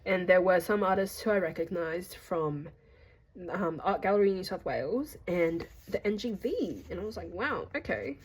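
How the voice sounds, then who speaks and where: Chatty young woman vlogger, husky voice. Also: on the low side, normal speed, low-quality recording. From Australia. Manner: chatty, jokey, addresses viewers as guys. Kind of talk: casual chatty vlog narration.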